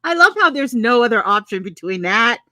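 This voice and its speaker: Laughing congested woman, lively voice. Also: a little high, a little fast, no room sound. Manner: laughs often, self-mocking. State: congested, sniffly. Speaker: co-host of a live stream. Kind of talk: casual chat.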